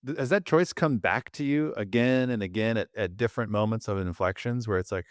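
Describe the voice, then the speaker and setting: A man's voice: lowish voice, fairly quick, few pauses, no room sound, studio quality. A man hosting a podcast, asking reflective, probing questions. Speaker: podcast host. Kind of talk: podcast interview.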